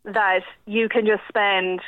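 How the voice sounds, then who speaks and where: A woman's voice: mid-range voice, little pitch movement, slow, no echo. A young Irish woman guest, chatting animatedly about films and laughing often. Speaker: film news editor guest. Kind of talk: casual radio interview. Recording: tinny phone line.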